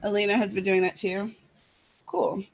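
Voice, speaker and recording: A writer hosts a casual live-stream chat from a room in her apartment, talking loosely about her writing with a lilt, rambling through fillers and restarts. Her medium-pitched voice has little pitch movement, vocal fry, and a moderate pace, with slight background noise.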